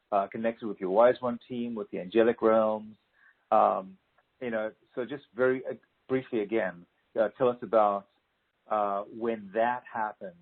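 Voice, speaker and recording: A man hosting an interview, asking gentle questions with many hesitant fillers. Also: on the low side. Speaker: interview host. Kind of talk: casual interview chat. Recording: tinny phone-like call audio.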